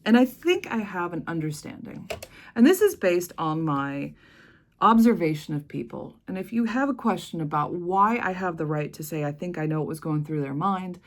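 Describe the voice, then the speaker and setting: A woman's voice: on the low side, lively intonation, normal speed. An American woman vlogging with impassioned, emphatic force, telling a personal story straight to camera. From United States. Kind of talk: emotional personal monologue.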